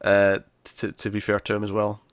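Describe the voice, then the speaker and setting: A man co-hosting a casual TV review podcast, recapping scenes in an animated way and acting out quoted lines. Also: lowish voice, normal speed, clean tone, no echo, clean studio sound. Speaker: podcast co-host.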